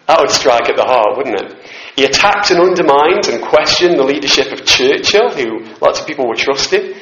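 A man's voice: medium pitch, lively intonation, moderate pace, hardly any pauses, a bit bright. Chatty man preaching in a roomy hall. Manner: conversational, self-deprecating with asides and laughs. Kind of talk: sermon. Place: church hall with audience. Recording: roomy, slightly dull hall recording.

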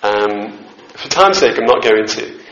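A man's voice: lowish voice, animated, measured pace, a bit bright, slight background noise. A man preaching a sermon in a church hall, conversational and self-deprecating, with asides to the room. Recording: roomy, slightly dull hall recording.

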